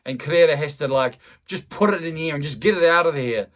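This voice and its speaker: A man's voice: fairly high pitch, fast, a bit bright. A man commentating a rugby match in a chatty, rambling, self-deprecating way, often restarting his sentences. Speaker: fan commentator. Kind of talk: live-style rugby play-by-play commentary.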